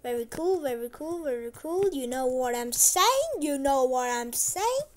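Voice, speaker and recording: A woman chatting casually while playing a farming game. She repeats herself often and makes an effort to speak loudly. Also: high-pitched, sing-song, measured pace. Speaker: gameplay commentator. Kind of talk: casual gameplay commentary.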